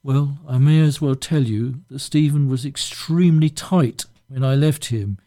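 A man narrating an audiobook in a dry, measured, deadpan way. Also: medium pitch.

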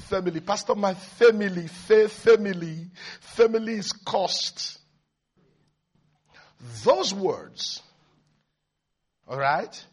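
A man preaching a sermon as a pastor, emphatic and repetitive, with sudden loud rises. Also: sits high, husky.

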